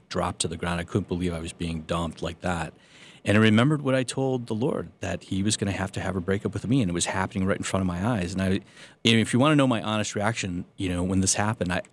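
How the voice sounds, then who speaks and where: Low-voiced priest telling his story. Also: slight background noise. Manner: earnest storytelling with self-deprecating humor. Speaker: Catholic priest. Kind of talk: personal faith testimony.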